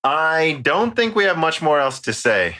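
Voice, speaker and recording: A tired American man hosts a podcast in loose, joking banter, swearing freely as he goes. His voice has a bright, forceful edge that cuts through. The talk stays giddy and offhand. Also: fairly high pitch, sing-song, unhurried. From United States. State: tired from a late recording. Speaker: podcast host. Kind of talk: casual chat. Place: home studio in quarantine.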